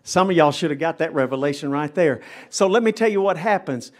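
A man's voice: on the high side, expressive, fairly quick. Fervent middle-aged man preaching in chapel. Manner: emphatic, dramatic preaching with rising intensity. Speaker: pastor. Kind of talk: live chapel sermon. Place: chapel service.

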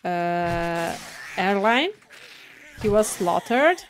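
Excitable woman narrating her gameplay. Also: lowish voice, drawn-out words, a little hiss or hum. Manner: excitable, laughs often, talks to teammates. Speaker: gaming streamer. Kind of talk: casual let's-play commentary.

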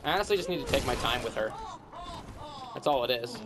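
A man's voice: medium pitch, animated, fast talker, very noisy. A man giving casual commentary while playing a game, grumbling and trash-talking the enemies with sarcasm. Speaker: gamer.

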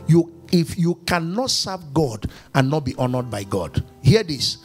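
A man's voice: fairly high pitch, big pitch swings, unhurried, few pauses, husky, soft background music. A man preaching a sermon in church, firing questions at the congregation and acting out little dialogues. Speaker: pastor.

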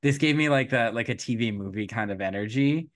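A man co-hosting a casual podcast chat, recapping a plot in an animated way and laughing often. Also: mid-range voice, fairly quick, no echo. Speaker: podcast co-host. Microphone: podcast microphone.

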